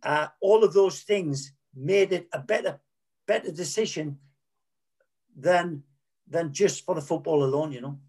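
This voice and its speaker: A middle-aged man with a fairly high, husky voice recounts his playing days. He speaks frankly and rambles, backtracking to correct himself and stumbling over repeated words. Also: unhurried, darkish tone. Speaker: former footballer, interview guest. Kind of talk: candid anecdotal storytelling.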